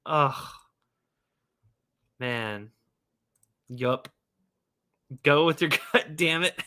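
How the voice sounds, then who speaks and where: A man hosting a casual whiskey livestream, animated and scolding himself with frequent exclamations. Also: on the high side, very slow.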